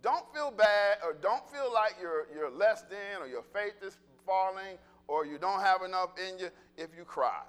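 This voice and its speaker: A male pastor giving a lively, humorous sermon, talking conversationally with the congregation and laughing at his own jokes. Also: high voice, moderate pace, hardly any pauses, clean tone. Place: church sanctuary. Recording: long reverb of a church hall.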